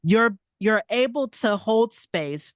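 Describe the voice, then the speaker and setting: A woman's voice: fairly high pitch, animated, takes it slowly, no room sound, studio quality. A woman hosting a conversational interview, affirming and playful, often checking in with "right?". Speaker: podcast host.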